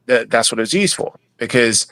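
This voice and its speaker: A man's voice: mid-range voice, lively intonation, fairly quick, fairly bright tone, no echo. A man explaining things at length in a casual podcast discussion, with many hesitant restarts.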